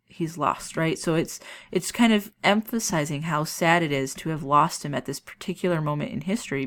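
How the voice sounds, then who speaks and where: A young woman teaching an English lesson with a low-pitched voice. She explains a poem casually, full of ums and restarts as she thinks aloud. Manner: chatty, filler-heavy explaining with frequent restarts. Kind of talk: recorded class lesson on a poem.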